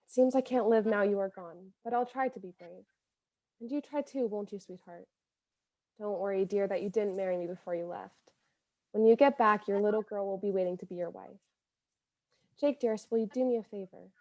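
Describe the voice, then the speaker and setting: A woman's voice: mid-range voice, a little fast, a little mellow, no room sound, highs cut off, lightly acted. A woman reading as a lovesick 1918 sweetheart. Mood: heartbroken. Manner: earnest, emotional, imploring. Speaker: reader of historical letters. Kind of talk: dramatic letter reading.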